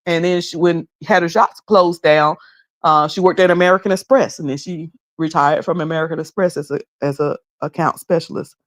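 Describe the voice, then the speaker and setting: A woman's voice: low-pitched, steady tone, a little fast. A middle-aged woman from the Carolinas with a Southern accent, chatting casually on a live stream, teasing and laughing often. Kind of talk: casual chat with live chat readers.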